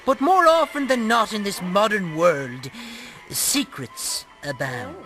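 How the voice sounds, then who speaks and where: A man voicing a crude, bickering older Irish puppet bachelor with an Irish accent. He swings from loud outbursts to low mutters as he tells a story. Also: animated, takes it slowly, music in the background. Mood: storytelling. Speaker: storyteller host. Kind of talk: comic sketch banter.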